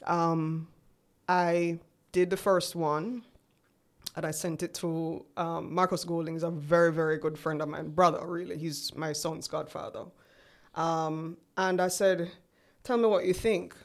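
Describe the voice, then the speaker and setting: A woman in her forties speaks as an interview guest, her voice sitting somewhat low. She tells her story in a relaxed, chatty way and slips into the voices of the people she remembers. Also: unhurried. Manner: chatty, acts out remembered dialogue. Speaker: guest entrepreneur.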